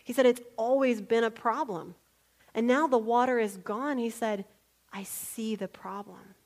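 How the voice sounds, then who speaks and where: A woman preaching a sermon, telling personal stories, laughing often and dropping to a near whisper for quiet moments. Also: fairly high pitch, unhurried. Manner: storytelling, animated, laughs often, drops to near-whisper for quoted prayers.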